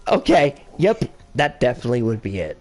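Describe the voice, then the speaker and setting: A young man hosting a podcast in casual chat, telling stories in a rambling, animated way. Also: mid-range voice, a little fast. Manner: rambling, animated storytelling with laughs. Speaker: podcast host.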